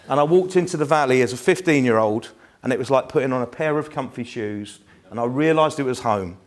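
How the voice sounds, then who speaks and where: A man's voice: a little high, quick pace. London guy in his 50s giving a talk, chatty, full of stories, room audience. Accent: South East London. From England. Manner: chatty, anecdotal, self-deprecating. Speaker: lecturer. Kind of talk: live lecture to an audience. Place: lecture room.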